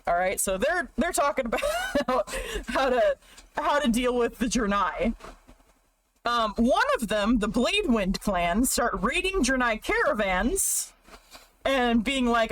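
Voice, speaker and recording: A woman's voice: a little high, big pitch swings, a little slow, low-quality recording. A woman streamer casually explaining game lore with frequent swearing, tangents and laughter. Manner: profane, rambling, laughs often. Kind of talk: casual livestream lore narration.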